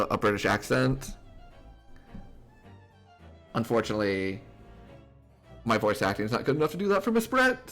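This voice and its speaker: Casual male streamer, gravelly tone, big pitch swings, chatty and excitable. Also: a little fast, soft background music. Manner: chatty, excitable, lots of likes and laughs. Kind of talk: live gameplay commentary.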